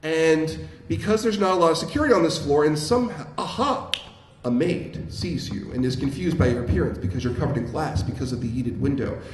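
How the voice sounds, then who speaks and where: A man running a tabletop game live at a convention panel, narrating in a playful, animated way. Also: fairly high pitch, a little fast. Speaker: game master. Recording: echoey room, background noise.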